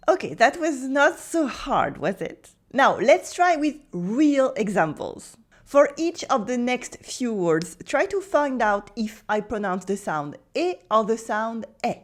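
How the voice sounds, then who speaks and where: Woman, French accent, teaching pronunciation, slightly high voice, slow and deliberate. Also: very animated. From France. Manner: slow, careful demonstration with repeated words. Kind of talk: pronunciation lesson.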